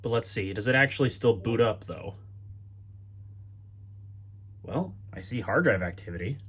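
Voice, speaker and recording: A man's voice: fairly low pitch, animated, moderate pace, fairly bright tone, breathy edge. A man talking casually through a laptop setup in a vlog, thinking aloud and correcting himself as he goes. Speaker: tech vlogger. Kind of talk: casual tech walkthrough vlog.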